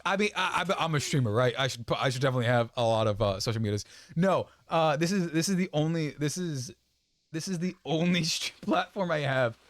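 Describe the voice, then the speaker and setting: A young man streaming a game and chatting casually, rambling with many restarts and quick laughs. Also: a little high, expressive, no echo. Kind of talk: casual chat while gaming.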